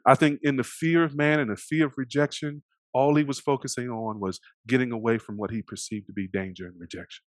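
A man preaching a sermon, animated, swinging between loud emphasis and hushed moments, sometimes acting out the voices of the people in the story. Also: mid-range voice, no echo. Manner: animated, acts out voices of the characters.

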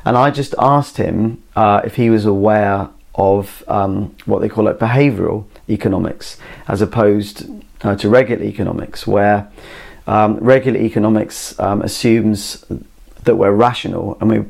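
A man's voice: fairly low pitch, fairly even intonation, moderate pace, vocal fry, a little mellow. A man recording himself in a garden shed, talking his way through ideas in a meandering, casual monologue full of "you know" and "like". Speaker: solo podcast host. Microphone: camera mic.

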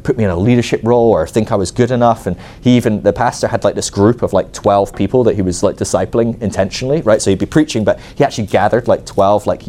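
Fast-talking man telling a sermon story. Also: fairly low pitch. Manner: animated, self-mocking, acts out his own angry inner voice; many fillers like "like" and "right?". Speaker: ministry school teacher.

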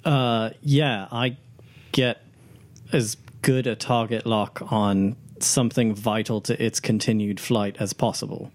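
A man's voice: lowish voice, fairly even intonation, unhurried, a little mellow. A man playing a tabletop game, talking casually with some hesitation. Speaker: player.

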